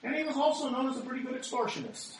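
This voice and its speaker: A man's voice: extremely high pitch, very animated, very fast, slight background noise. Preaching man in an echoey hall. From United States. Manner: dramatic reading of scripture, rhetorical questions. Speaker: pastor. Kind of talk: sermon. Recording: very echoey hall, speaker far from mic.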